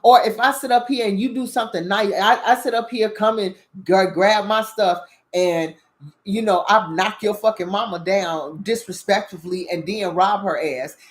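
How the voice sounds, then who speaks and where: Woman w/ going off on a heated cussing rant, animated talk-show monologue. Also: mid-range voice, normal speed. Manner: animated, profane, heated ranting. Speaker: channel host. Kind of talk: casual spiritual commentary monologue.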